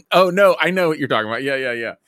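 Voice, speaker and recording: Man, 30s, podcast co-host, rambling and animated, swings up and down in pitch, dry close mic. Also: fast talker, no echo. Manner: lively, rambling, lots of "like" and restarts. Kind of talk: casual chat.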